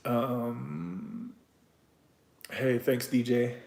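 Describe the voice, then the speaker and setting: A man talks on a live stream at a middling pitch, and his voice stays fairly level and flat. He is candid and swears freely, stopping and restarting as he reads viewer comments aloud. The room around him is noticeably echoey. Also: extremely slow, vocal fry.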